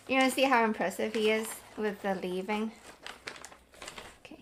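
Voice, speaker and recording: A woman's voice: on the high side, slow pace, long pauses, noisy background. A young woman at home on a webcam call, hosting an online party for her dog, cooing at him and giving him commands. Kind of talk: casual chat on a video call.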